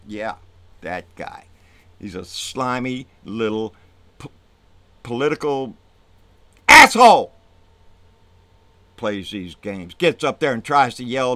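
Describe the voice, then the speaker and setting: Man ranting about politics: bright, lively pitch, dry close sound, profane and fired up. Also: measured pace, dry recording. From Texas. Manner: profane, fired-up, swings between muttering and shouting. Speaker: political vlogger. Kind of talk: angry political rant.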